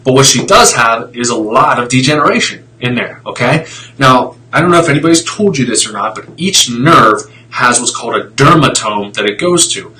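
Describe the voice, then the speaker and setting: Fired-up man with a bright voice. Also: medium pitch, animated, moderate pace, slight background noise, low-quality recording. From Italian heritage. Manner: fired-up, blunt, rambling with tangents and mild swearing. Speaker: chiropractor reviewing x-rays on a live stream. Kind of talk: casual live-stream talk.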